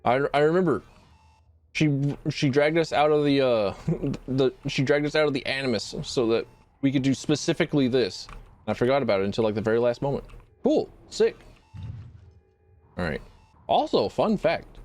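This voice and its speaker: A man streaming a game, rambling casually and jumping into excited high yelps. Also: normal speed, pauses often, faint music behind. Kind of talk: let's play commentary.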